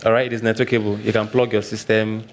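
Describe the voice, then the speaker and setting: Nigerian male presenter, lowish voice, repeats himself, casual live workshop delivery. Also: flat delivery, quick pace, a little hiss or hum. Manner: repeats points, frequent "all right" check-ins.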